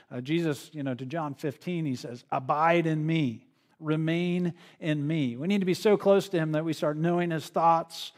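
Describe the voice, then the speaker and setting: A male pastor preaching an expository sermon in a conversational way, often checking in with the listeners. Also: on the high side. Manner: conversational, with frequent "right?" tag questions.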